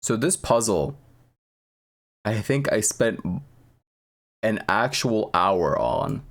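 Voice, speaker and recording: A man streaming, chatting casually and profanely, rambling and laughing at himself. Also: on the low side.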